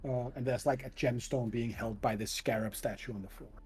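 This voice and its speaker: A man's voice: medium pitch, steady tone, a little fast, a little mellow. A man running a tabletop game as game master, narrating with frequent hesitations and restarts. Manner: hesitant, many fillers and restarts.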